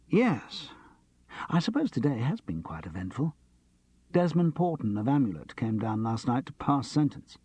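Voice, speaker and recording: A man's voice: mid-range voice, sing-song, normal speed, mellow, slightly rough. A man voicing a nervous, theatrical young actor with a camp, lightly mocking way of talking.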